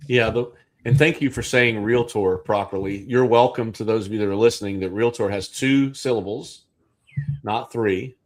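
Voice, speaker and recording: A man's voice: on the low side, moderate pace. A man, co-hosting a livestream in casual chat and talking in loose, rambling sentences with restarts. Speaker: livestream co-host.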